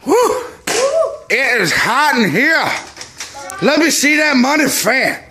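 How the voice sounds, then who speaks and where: A man calls toy car races, his pitch swinging from drawn-out announcements up to loud whoops. He talks at an unhurried pace between the shouts. A steady hiss of noise sits under the home recording. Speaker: race host. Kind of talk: excited hobby race commentary.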